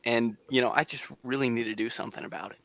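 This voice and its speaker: A man voicing a vengeful male whale in a spoken joke, gruff and deadpan. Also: medium pitch, fast talker, no room sound, dull audio, lightly acted.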